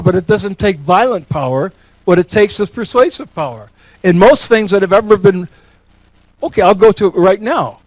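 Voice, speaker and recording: A guest speaker from Elmira, New York, gives a talk and fields audience questions in a high-pitched voice. He's folksy and joking and repeats words for emphasis, and the recording is rough but free of echo.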